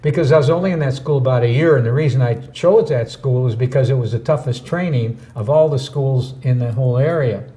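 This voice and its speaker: A man co-hosting a talk show, telling a story in an animated, anecdotal way. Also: medium pitch, fairly quick, few pauses. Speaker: co-host.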